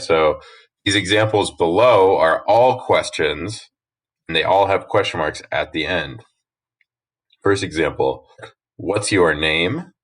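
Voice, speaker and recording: Man, very deep voice, teacher explaining slides, slow and patient, reads examples aloud. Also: a bit bright. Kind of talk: slide lesson narration.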